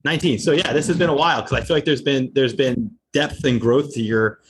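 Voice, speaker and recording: A man's voice: mid-range voice, a little fast, slight background noise. A man hosting a podcast interview, responding in an affirming, supportive way. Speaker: podcast host.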